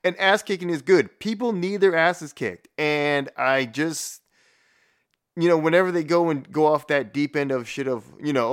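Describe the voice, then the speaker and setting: A man's voice: a little high, normal speed, clear, resonant tone. A man giving a profane, rambling rant in blunt, casual commentary, with frequent restarts.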